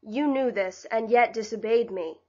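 A strict middle-aged father from an old storybook gives curt, commanding orders, voiced by a woman narrator. He is quick to anger and brooks no argument. The audio is a little dull and muffled. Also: fairly high pitch, darkish tone. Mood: stern.

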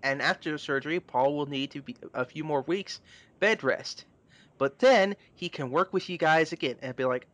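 A slightly higher-voiced man reads fan fiction aloud for a comedy podcast. He keeps interrupting the text with crude, mocking remarks in a casual, chatty manner. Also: fairly bright tone, no echo. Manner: mocking, crude, quick asides between read passages. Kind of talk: casual comedic group reading.

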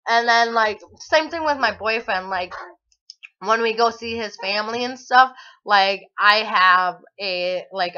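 A woman's voice: mid-range voice, pushed and bright. A young woman in her twenties chatting casually to the camera in a rambling, forgetful way, full of fillers. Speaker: vlogger. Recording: dull lo-fi home video sound.

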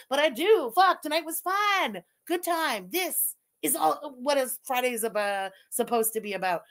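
Woman streamer cackling thru crude roast chat, really high voice. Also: expressive, normal speed, fairly bright tone. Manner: giggly, crude and mocking, laughs often. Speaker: livestream host. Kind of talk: casual livestream commentary.

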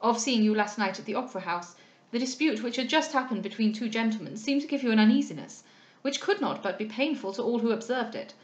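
A woman voicing a courteous, formal gentleman from a period novel, measured and polite. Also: on the high side, expressive, natural voice. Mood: earnest. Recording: roomy echo.

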